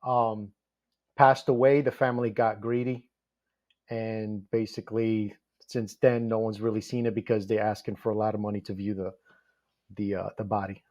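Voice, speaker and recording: A man chatting casually in an interview, excitable and laughing often, with many fillers. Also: on the low side, normal speed. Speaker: guest researcher. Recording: dull lo-fi sound.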